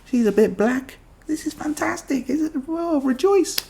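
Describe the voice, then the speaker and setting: Man doing a smug gushing woman politician, sarcastic, squeaky high falsetto, lively swings. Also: normal speed, gravelly, background noise, exaggerated voice. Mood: mock gushing. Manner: sarcastic mockery, high put-on voice.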